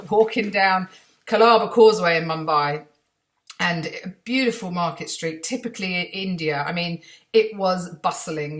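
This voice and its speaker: A woman's voice: mid-range voice, a bit bright. A middle-aged English woman vlogging from home, telling anecdotes in a chatty, self-mocking way and acting out the voices of people she met. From England. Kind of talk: casual storytelling to camera. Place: room at home.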